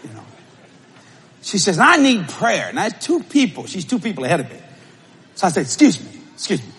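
A man preaching a sermon and telling a story, with shouted bursts and laughing asides. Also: high voice, huge pitch swings, fairly quick, breathy edge. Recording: live audience, faint crowd noise.

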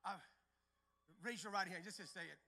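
A man preaching a sermon as pastor, leading the congregation in call-and-response and swinging from quiet talk to shouting. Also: high voice, normal speed, gravelly.

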